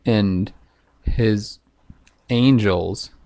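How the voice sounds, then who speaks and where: A man talking in a loose, profane, halting monologue full of fillers, vlogging to camera. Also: fairly low pitch, mellow. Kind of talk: casual rambling monologue.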